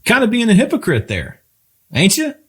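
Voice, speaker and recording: A man's voice: high voice, wildly swooping pitch, moderate pace, fairly bright tone, slight background noise. A man hosting a casual political talk show, building his point through rhetorical, emphatic questions. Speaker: podcast host.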